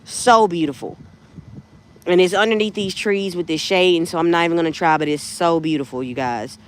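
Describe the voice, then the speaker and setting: A woman's voice: on the low side, a little fast, a little hiss or hum. A woman hosting a casual livestream, rambling and heartfelt as she talks about faith and keeps addressing her viewers. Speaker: lifestyle vlogger hosting a livestream.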